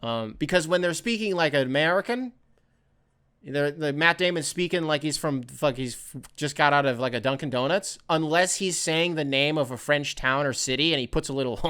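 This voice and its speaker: Rambling, animated young man host. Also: a little high, moderate pace, clean tone. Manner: rambling, animated, swearing, self-correcting. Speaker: podcast host. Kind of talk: casual solo monologue.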